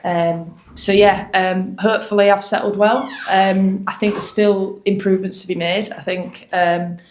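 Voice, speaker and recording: A woman's voice: medium pitch, steady tone, measured pace, echoey room, slight background noise. A young woman footballer from Hull with a Hull accent, answering post-match interview questions in a chatty way, with frequent ums and restarts. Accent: Hull English. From Hull, England.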